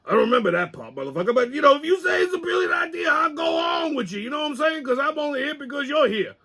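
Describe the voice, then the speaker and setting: A crude, boozy old sidekick, voiced by a man barks out his lines in a high, blustering voice. He cackles and swears freely. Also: lively intonation, quick pace, raised voice, a crowd in the background. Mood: brash. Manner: brash, profane, cackling.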